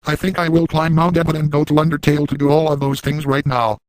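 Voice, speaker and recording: A man's voice: a little high, flat delivery, fast, no room sound, natural voice, rough recording. A man voicing a crude, gleeful, boastful adult man in a comic parody, narrating in first person with a brash, over-the-top manner.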